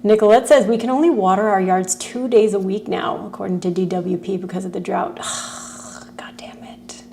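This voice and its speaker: A woman's voice: mid-range voice, fairly even intonation, brisk, vocal fry, mellow, a little hiss or hum. A woman from California, a movement instructor, casually chatting and greeting livestream viewers by name before class, often giggling.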